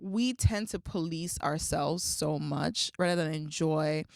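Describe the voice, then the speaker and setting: A woman's voice: sits low, measured pace, creaky, no room sound, clean studio sound. Earnest, rambling woman podcast host. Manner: earnest, rambling, many "like" fillers. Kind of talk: casual interview chat.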